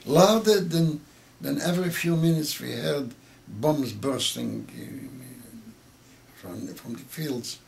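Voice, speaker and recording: A man in his eighties with Yiddish as his first language, telling a story with halting, repeated words that grow emotional. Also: fairly high pitch, vocal fry, a little mellow. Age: 80s. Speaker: interviewee. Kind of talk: oral history interview.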